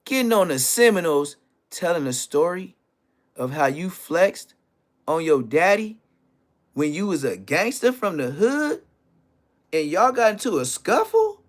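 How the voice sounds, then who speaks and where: Animated man with a high voice. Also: unhurried, long pauses. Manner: profane slang, acts out others' lines. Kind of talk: animated street storytelling.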